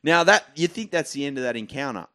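A man with an Australian accent, a comedian telling stories with loud, animated delivery. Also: mid-range voice, fast, dry recording, clean studio sound. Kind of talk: comedy podcast storytelling.

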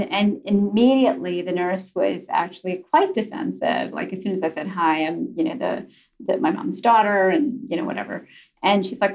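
A woman's voice: mid-range voice, lo-fi sound. A woman guest telling a story earnestly in a casual interview, with many fillers and restarts. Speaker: guest on a podcast.

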